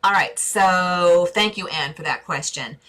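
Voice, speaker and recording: A woman's voice: lowish voice, unhurried, fairly bright tone. A woman with a New York accent hosting a live stream, chatting through viewer questions in an effusive, think-aloud way. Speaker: interior design host answering viewer questions.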